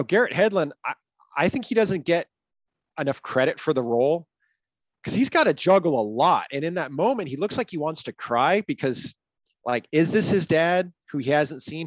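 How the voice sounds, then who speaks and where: Guy retelling movie scenes, fairly high voice, dry mic. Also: expressive, moderate pace, no room sound. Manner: retells scenes, acting out lines, filler-heavy. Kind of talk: casual film discussion.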